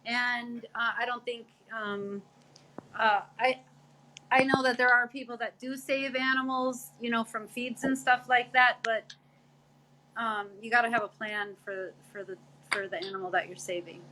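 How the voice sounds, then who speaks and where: A woman from an animal rescue talks about the work in a casual, earnest and chatty way. Her voice is bright and forward, a little higher than most women's. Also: steady tone, moderate pace, rough recording. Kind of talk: casual interview chat.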